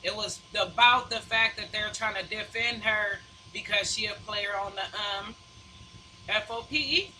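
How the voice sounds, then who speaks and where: A woman's voice: medium pitch, unhurried, bright, forceful tone, slight background noise, low-quality recording. A woman in a heated online group chat, speaking bluntly and explaining her point at length. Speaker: chat participant.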